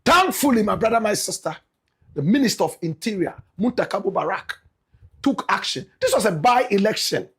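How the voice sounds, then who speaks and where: A Ghanaian man delivers heated political commentary in a high, husky voice. His pitch swings widely as he stresses points and sometimes breaks into shouts. He keeps calling on his listeners as brothers and sisters. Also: big pitch swings, moderate pace. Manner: emphatic, repeats "my brother, my sister", bursts into shouts.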